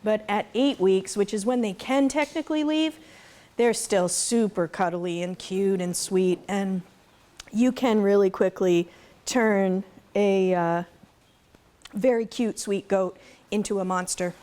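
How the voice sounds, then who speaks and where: A woman's voice: medium pitch, unhurried, mellow. A middle-aged woman who raises goats, speaking casually to a live audience and telling stories with laughs. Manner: chatty, laughing, storytelling with faith asides. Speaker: conference speaker, goat farmer.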